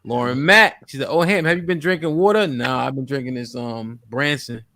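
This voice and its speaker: A man's voice: mid-range voice, normal speed, bright, forceful tone, dry recording. A man hosting a live-stream talk show, casually reading out donor messages and questioning a caller. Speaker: podcast host. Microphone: studio mic.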